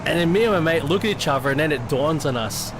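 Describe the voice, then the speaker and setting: A man's voice: on the high side, animated, quick pace. Rambling Australian man, noisy background. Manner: profane, rambling, with frequent restarts. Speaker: sim racing streamer. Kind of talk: casual storytelling chat. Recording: noticeable background noise.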